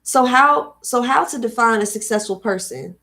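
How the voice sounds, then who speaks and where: A woman's voice: on the high side, moderate pace, creaky, pushed and bright, voice pushed up. A woman voicing a middle-aged divorced man who tells his story earnestly in a put-on accent, read aloud from a book.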